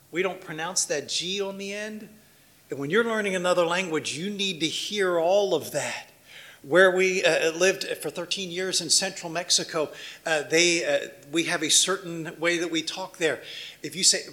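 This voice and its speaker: A man's voice: fairly high pitch, moderate pace, pushed and bright. A man from Washington, D.C., a missionary giving a conversational church talk, telling anecdotes, acting out little exchanges and asking the congregation questions.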